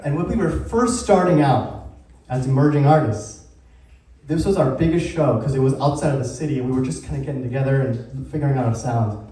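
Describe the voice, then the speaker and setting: In his thirties, this man founded a community group and is giving an upbeat anniversary talk, putting questions to a live audience in an event space. His voice is medium-pitched, brisk and mellow. The room is very echoey and he's heard from a distance.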